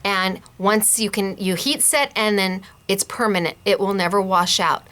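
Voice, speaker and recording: A woman hosting a casual craft tutorial, chatty and bubbly and quick to laugh. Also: mid-range voice, steady tone, fairly bright tone. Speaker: host of a scrapbooking shop channel.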